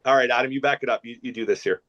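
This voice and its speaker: A man's voice: mid-range voice, steady tone, racing, a bit bright, highs cut off. A Canadian man telling rambling anecdotes on a podcast, with many restarts and laughs. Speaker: podcast guest. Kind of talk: casual storytelling chat.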